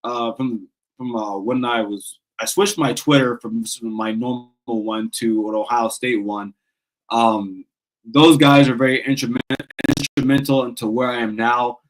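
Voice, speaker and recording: A man's voice: medium pitch, steady tone, a little slow, poor audio. A man in his thirties hosting a casual sports call-in show, ranting with passion, swearing and restarting his sentences. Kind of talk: casual fan talk show.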